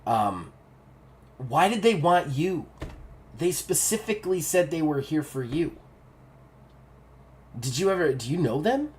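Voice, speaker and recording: A man voicing Kelly, an injured, focused woman who talks in short, flat sentences. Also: low voice, a little slow, pauses often, a little hiss or hum. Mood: determined.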